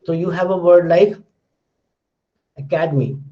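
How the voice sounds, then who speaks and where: A man's voice: high voice, unhurried, dark tone, dull audio. A male lecturer explaining things step by step, repeating his words and examples with frequent fillers. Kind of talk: recorded lecture.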